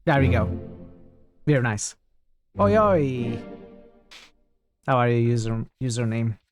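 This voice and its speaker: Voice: mid-range voice, fairly even intonation, moderate pace, music in the background. A game streamer giving casual gameplay commentary, thinking aloud and chatting with viewers.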